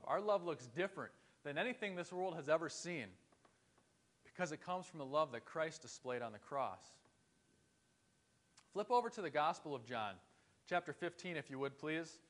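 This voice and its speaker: Earnest preaching man, slightly high voice. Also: expressive, moderate pace, pauses often, a bit bright. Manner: earnest, conversational preaching with rhetorical questions. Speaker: pastor. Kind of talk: sermon.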